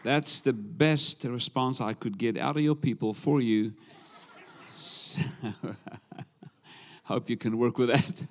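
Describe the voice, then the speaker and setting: A South African man preaches as a guest speaker in a mid-range voice, and the hall rings with long reverb around him. He begins unhurried and humorous before he moves into the message. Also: medium pitch. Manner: warm-up banter, humorous, unhurried. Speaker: visiting preacher. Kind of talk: sermon.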